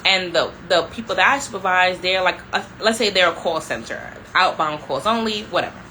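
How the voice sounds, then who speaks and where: A young adult woman telling a story to her viewers in a casual, animated way, filling her talk with "like" and calling them y'all. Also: lowish voice, fairly quick, a little hiss or hum, poor audio. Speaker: vlogger.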